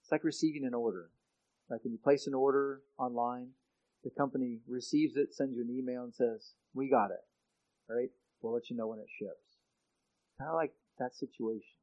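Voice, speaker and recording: A man preaching a sermon in an earnest way, often restarting his sentences and growing loud when he quotes scripture. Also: medium pitch, lo-fi sound. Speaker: pastor.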